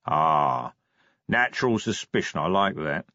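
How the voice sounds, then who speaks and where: A man voicing a clever male troll who speaks quietly and patiently, like a school teacher. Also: sits low, very animated, dry recording, highs cut off, voice pushed down, exaggerated voice. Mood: calm, measured. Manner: measured, patient, lightly teasing.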